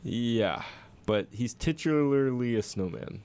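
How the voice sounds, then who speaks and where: A man playing a laid-back snowman guest in an improvised comedy interview, talking in a deadpan, matter-of-fact way. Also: mid-range voice, slow, smooth. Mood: indignant.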